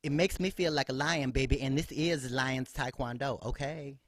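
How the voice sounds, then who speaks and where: A man's voice: medium pitch, fairly even intonation, normal speed, no echo, natural voice. A man voicing a flamboyant grown classmate from a karate studio, in a sassy, drawling way.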